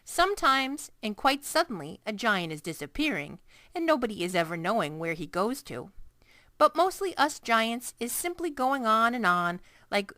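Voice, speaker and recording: A huge, gentle old giant, as a woman puts him on, his words drawn out loud and slow and tumbling into mixed-up grammar. The voice is bright and lively, swinging up and down, and sits close and dry with no room around it. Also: no room sound. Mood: wistful. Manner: booming, drawn-out, jumbled grammar. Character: big friendly old male giant, kindly, muddled speech.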